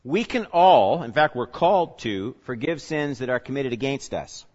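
A male pastor teaching a sermon in a conversational way, putting questions to the congregation and swinging between loud emphasis and quiet asides. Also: medium pitch, lively intonation, moderate pace, slightly rough. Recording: reverberant hall, dull lo-fi sound.

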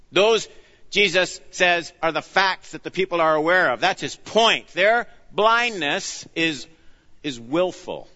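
A man preaching a verse-by-verse sermon with a bright, forceful voice pitched a little high. He is earnest and emphatic, sinking low and quiet on the phrases he wants to land. The sound is dull, with a long church reverb. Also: very animated, a little slow. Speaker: pastor. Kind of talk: expository sermon.

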